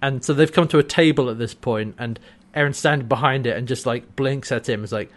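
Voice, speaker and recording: A man's voice: mid-range voice, a little fast. A man co-hosting a podcast, casually recapping a TV episode and acting out the characters' lines. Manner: animated, acts out quoted lines. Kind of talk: casual chat.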